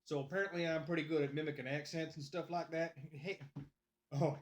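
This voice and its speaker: A man's voice: a little high, fairly even intonation, moderate pace. A man casually chatting on a live stream, playfully greeting his viewers by name. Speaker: livestreamer.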